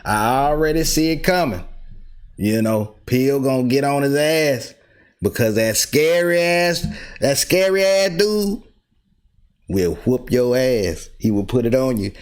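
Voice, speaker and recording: A man's voice: mid-range voice, lively intonation, a little slow, clear, resonant tone. A man hosting a reaction video, commenting in a hyped way and stumbling over and repeating his words.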